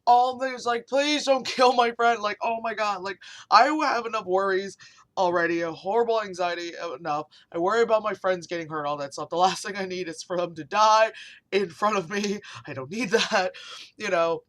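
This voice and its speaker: A woman vlogger telling a story as a loose, rambling rant. Her voice sits at an ordinary middle pitch. She piles on fillers and swearing as she goes. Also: fairly quick, fairly bright tone.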